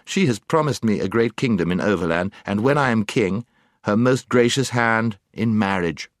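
A man's voice: lowish voice, animated, moderate pace, no room sound, studio quality, natural voice. A man voicing a hearty, courtly knight in an audiobook, with a boastful manner. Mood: grandiose. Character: grandiose laughing male knight, courtly. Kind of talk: audiobook character voice.

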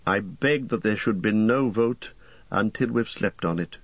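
A man voicing a weary young hobbit who speaks quietly and hesitantly. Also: lowish voice, measured pace, no echo, dull audio.

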